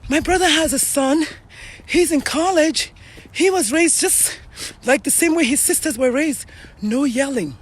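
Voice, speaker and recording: A woman's voice: sits high, unhurried. A middle-aged Nigerian woman hosting a casual live stream, talking earnestly and chattily to viewers while out of breath from walking uphill outdoors.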